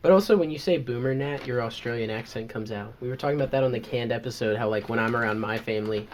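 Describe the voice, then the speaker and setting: A man's voice: medium pitch, fast. Rambling young Southern man. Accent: Southern American. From American South. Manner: rambling, laid-back, lots of likes and fillers. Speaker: podcast co-host. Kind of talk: casual chat.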